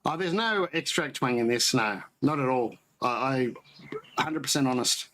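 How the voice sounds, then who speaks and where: A man chats loosely on a homebrewing livestream, drifting between thoughts and restarting his sentences. His voice sits at an ordinary middle pitch. A faint hiss of noise runs under the recording. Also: expressive, moderate pace, a bit bright, rough recording. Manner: rambling, self-correcting, tasting beer on stream. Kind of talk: casual live chat.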